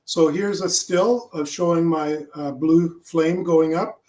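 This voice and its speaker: A man with a slightly high voice walks through his launch slides on a video call. He talks casually and stumbles often, filling gaps with small hesitations and restarting his sentences. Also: a little mellow. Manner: halting, with many fillers and restarts. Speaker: club member presenting his rocket launch.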